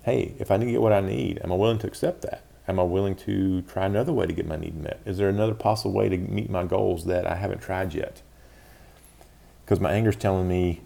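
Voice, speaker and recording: A man hosts a solo podcast in a very low, gravelly voice. His tone is dark and mellow, and he talks things through in a reflective, questioning way, pausing on fillers as he goes. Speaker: podcast host. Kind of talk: casual solo podcast talk.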